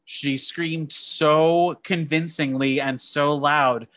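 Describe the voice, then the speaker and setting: Podcast co-host, bright tone, rambling self-corrections, dry close mic. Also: medium pitch, fairly even intonation, takes it slowly, dry recording. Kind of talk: casual movie-trivia chat.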